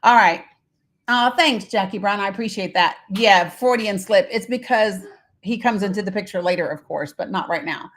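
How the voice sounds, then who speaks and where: A woman's voice: medium pitch, moderate pace, fairly bright tone. A woman hosting a casual live stream, talking bluntly with lots of fillers and reading out viewer comments. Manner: chatty, blunt, with frequent fillers; reads viewer comments aloud and talks to her kids mid-stream.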